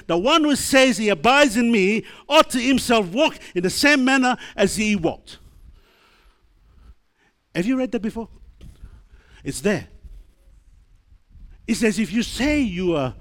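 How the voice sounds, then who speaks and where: Male pastor preaching hard, high voice that swoops all over, lots of hallelujahs. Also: fairly bright tone. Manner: emphatic preacher, call-and-response, repeated hallelujahs. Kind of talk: sermon.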